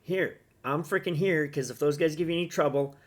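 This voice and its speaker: A man's voice: on the high side, a little fast, lightly acted. A man mockingly voicing a boastful, self-important young male rescuer. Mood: swaggering.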